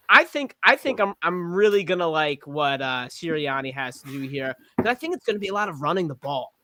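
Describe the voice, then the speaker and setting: A man chatting about sports in an animated, rambling way, with plenty of fillers. His voice sits high and bright with a forceful edge. The sound is dry and close. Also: no room sound. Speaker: podcast panelist playing a witness. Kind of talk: casual sports chat.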